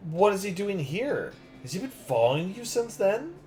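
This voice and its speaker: A man's voice: sits high, very animated, normal speed, a little mellow, faint music behind, voice pushed up. Genteel lady birdwatcher, fluttery and polite, played by a man. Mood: gushing. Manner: prim, gushing. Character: polite, bird-loving middle-aged lady.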